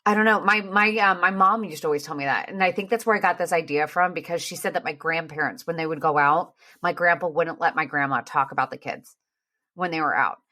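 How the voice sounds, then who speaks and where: A woman in her thirties co-hosting a casual podcast, her voice slightly low and bright. She chats loosely, laughing and trailing off with fillers. The delivery is relaxed and conversational. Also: brisk. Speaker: podcast host. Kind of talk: casual chat.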